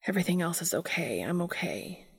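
A woman voicing an earnest, soft-spoken male angel who talks quietly and sometimes whispers. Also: on the low side, very animated, brisk, vocal fry, husky, exaggerated voice. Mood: tender.

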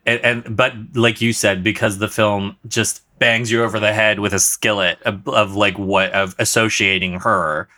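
Forceful low-voiced podcast guest man. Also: moderate pace, few pauses. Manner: excitable, stumbling restarts. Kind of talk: casual podcast chat.

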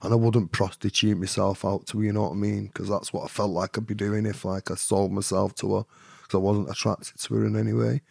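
A Mancunian man speaks as a podcast guest, his voice low and full of gravelly fry. He tells his story in a rambling way, with fillers and tags like "you know what I mean". The sound is close and dry, with no room in it. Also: flat delivery, brisk, a little mellow, no room sound. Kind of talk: storytelling in an interview.

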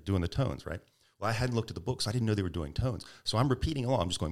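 A man's voice: on the low side, quick pace. A middle-aged man, a podcast guest, telling stories animatedly and acting out the quotes. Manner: animated storyteller, acts out tones and quotes. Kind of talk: storytelling interview.

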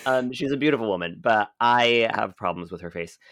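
A man co-hosting a film podcast, blunt and animated, laughing often. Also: fairly low pitch, fairly quick, dry recording, clean studio sound. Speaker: podcast co-host. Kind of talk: casual film review chat.

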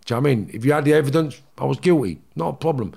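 A man, a guest telling blunt, animated stories in a casual interview and swearing freely. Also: medium pitch, racing, creaky, slightly rough.

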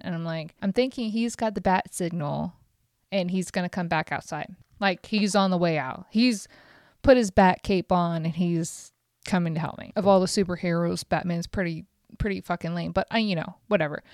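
A woman hosting a solo podcast, telling an exasperated, profane story in an animated way. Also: mid-range voice, clean tone, no echo, clean studio sound. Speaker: podcast host.

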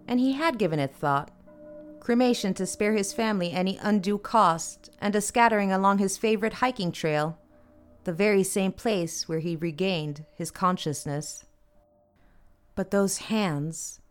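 A woman reads a dark tale aloud in a measured, even audiobook narration. Her voice sits a little low.

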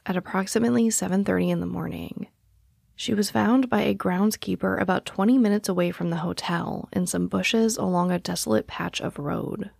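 A woman's voice: on the low side, vocal fry, a little mellow, breathy edge, no echo, studio quality. A woman narrating case details as a true crime host in a scripted, matter-of-fact way.

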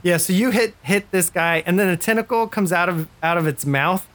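Tabletop game master, rambling narration, filler words, mid-pitched. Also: fairly quick, a bit bright.

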